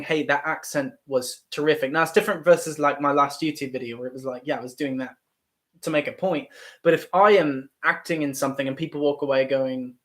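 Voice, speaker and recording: A man's voice: a little high, a bit bright. A young man with a Midwestern American accent, hosting a casual livestream chat and talking things through with many restarts. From Ohio, United States. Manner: thoughtful, rambling with many restarts. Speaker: YouTube livestream host.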